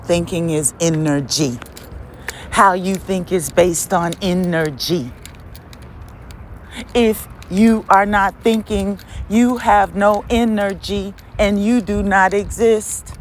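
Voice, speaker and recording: A woman preaches an emphatic monologue on her podcast, packed with rhetorical questions and laughter and swinging dramatically between high and low. She speaks slowly, with slight background noise.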